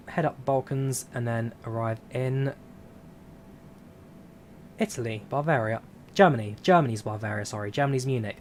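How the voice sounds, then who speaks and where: Casting: easygoing male streamer at mid pitch, rambling through chat questions with a faint hum underneath. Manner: relaxed, rambling, answers viewer questions. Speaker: flight sim streamer. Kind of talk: casual live-stream chat.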